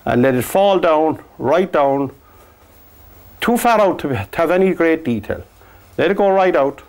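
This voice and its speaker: Irish man teaching painting, fairly high voice. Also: very animated, unhurried. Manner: gentle step-by-step explaining while painting. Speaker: painting instructor. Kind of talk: on-camera painting lesson. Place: TV studio.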